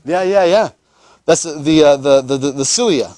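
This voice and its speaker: A man's voice: on the high side, normal speed, a little mellow, no echo, soft background music. A man teaching anatomy in a classroom lecture, joking with students and often repeating words as he restarts.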